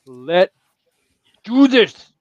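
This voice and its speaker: An eager, enthusiastic man joining a podcast chat. His voice sits a little high and comes through a dull, dry lo-fi mic. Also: animated, very slow, no echo. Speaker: podcast panelist.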